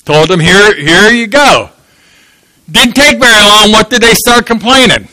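Bright, lively-voiced man preaching. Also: high voice, a little slow, no echo, low-quality recording. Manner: storytelling, asks the audience questions. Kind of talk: sermon.

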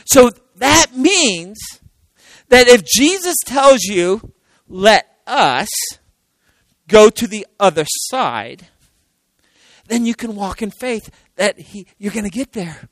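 A man preaching a sermon, swinging from loud exclamations to hushed, near-whispered lines and acting out quoted voices. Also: sits high, very animated, slow pace, dry recording, low-quality recording. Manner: acts out quoted voices, laughs between lines.

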